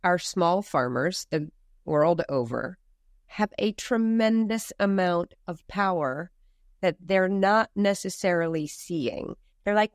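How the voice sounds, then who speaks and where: Animated emphatic woman, podcast guest. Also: lowish voice, slow pace, no echo, studio quality. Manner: animated, emphatic, rhetorical questions. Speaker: farm movement founder, guest. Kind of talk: podcast interview.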